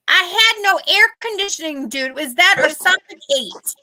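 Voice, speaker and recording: A middle-aged woman, telling animated stories in casual chat and acting out the people she quotes. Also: sits high, quick pace, hardly any pauses. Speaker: host.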